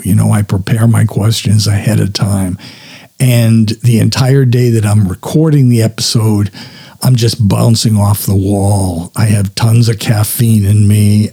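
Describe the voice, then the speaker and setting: Man, podcast host, husky, mellow low voice, casual and self-mocking. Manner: self-deprecating, chatty, swears casually. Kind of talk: casual solo podcast talk.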